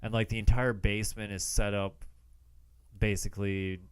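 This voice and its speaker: A man co-hosting a podcast, chatting casually about a film and filling in plot details in an unhurried way. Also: on the low side, flat delivery, smooth, dry recording. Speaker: podcast co-host. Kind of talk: casual movie-review chat.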